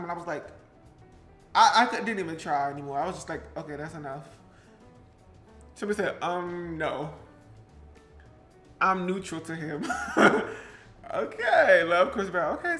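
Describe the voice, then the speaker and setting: A man's voice: high-pitched, fairly bright tone. A man from New Jersey, a vlogger, chatting casually and rambling while he bakes at home. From Pleasantville, New Jersey. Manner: chatty, rambling, breaks into song snippets. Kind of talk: casual live-stream chat while baking. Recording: roomy echo.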